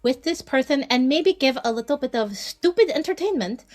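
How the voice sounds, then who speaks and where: A woman on a casual stream panel, making measured, wry suggestions. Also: high-pitched, animated, darkish tone.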